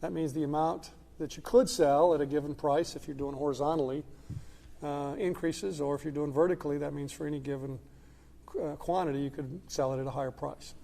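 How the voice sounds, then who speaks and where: A man's voice: fairly high pitch, steady tone, a little fast, creaky, dark tone, long reverb tail. A man teaching an economics class in a conversational lecture style, checking in with his students as he goes. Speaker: economics instructor. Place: lecture hall.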